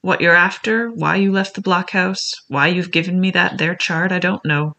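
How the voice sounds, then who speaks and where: Silver, a wily one-legged pirate cook, as a reader puts him on. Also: male voice, high voice, steady tone, normal speed, bright, forceful tone, dull audio, full character voice. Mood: pleading. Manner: rough seafaring speech, pleading then bold.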